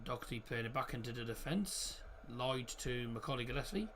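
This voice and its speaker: A man's voice: medium pitch, animated, fairly quick, crowd noise. A man hosting a livestream, casually talking through a football match as it happens, chatty and reactive, sometimes stumbling over player names. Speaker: livestream host. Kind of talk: casual live match commentary.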